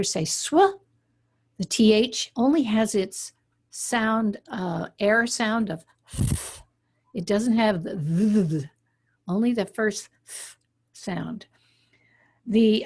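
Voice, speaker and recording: A woman teaching an online Latin class, explaining patiently with frequent okays and ums. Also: mid-range voice. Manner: explanatory, uses frequent fillers like okay and um.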